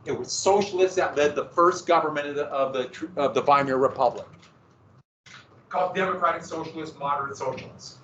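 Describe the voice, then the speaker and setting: A male history teacher lecturing a class in a lively manner, with sarcastic asides to his students. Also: on the high side, a little fast, a little hiss or hum. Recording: echoey, distant, dull classroom recording.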